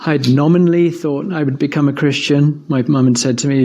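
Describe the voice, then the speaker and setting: A man's voice: fairly high pitch, fairly even intonation, a little fast, a little mellow. A man from England giving an informal talk, telling personal stories in a thoughtful conversational way with frequent fillers. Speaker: speaker giving a talk on evidence for God.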